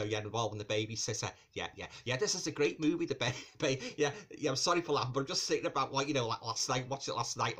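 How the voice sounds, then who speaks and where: A man chats through a film review in a loose, rambling way. His voice sits at an ordinary middle pitch for a man. He keeps circling back, restarting phrases and padding them with fillers while calling out to his viewers as guys. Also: a bit bright. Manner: repeats himself and restarts phrases often. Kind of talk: casual movie review vlog.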